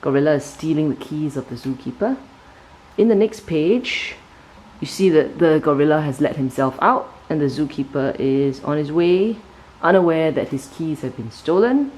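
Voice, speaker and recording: A woman reviewing a children's picture book in a casual flip-through, narrating the pages in an animated storytelling way and often checking in with "right?". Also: moderate pace, low-quality recording. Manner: animated storytelling, sudden pitch jumps on key words.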